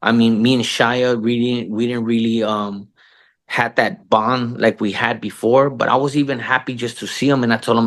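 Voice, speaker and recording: A man's voice: mid-range voice, level tone, normal speed, a bit bright. A middle-aged man talking as an interview guest, loose and profane, dropping "bro" constantly and restarting his sentences. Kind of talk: casual podcast interview.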